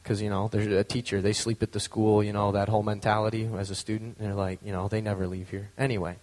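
A man's voice: on the low side, little pitch movement, fast talker, a little mellow, in a large hall. A man telling a personal story in a casual, conversational way, full of fillers and acted-out quotes. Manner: acts out quoted voices.

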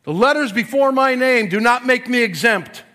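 A pastor preaching a sermon, swinging from quiet, low passages to forceful yelling. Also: male voice, animated, moderate pace.

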